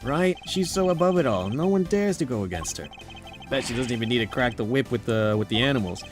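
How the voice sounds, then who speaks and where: A man's voice: medium pitch, animated, a little fast, over music, natural voice. A man voicing a brash, chummy male detective with a breezy, wisecracking delivery. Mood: teasing. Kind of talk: game dialogue read aloud.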